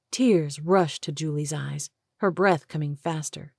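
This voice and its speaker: A woman narrating a romance audiobook in a measured, even storytelling manner on a close mic. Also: low-pitched, vocal fry, slightly rough, no echo. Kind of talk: scripted narration.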